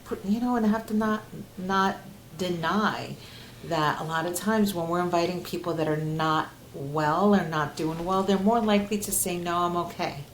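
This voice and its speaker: A woman's voice: fairly low pitch, moderate pace, slight background noise. A woman in her forties, a clinical social worker as an interview guest, talking earnestly and from the heart, with frequent fillers and restarts. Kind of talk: conversational interview. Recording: roomy echo.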